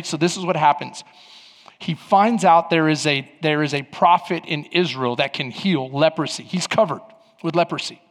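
A man preaching a sermon as pastor in a church sanctuary, animated and conversational, building up to loud passages. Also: fairly high pitch. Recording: long reverb in a large hall.

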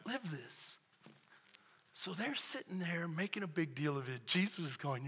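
A man with a Texan accent preaching a sermon as pastor, animated, acting out the scene in voices and swinging from shouting to hushed asides. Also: fairly high pitch, measured pace, husky, long reverb tail.

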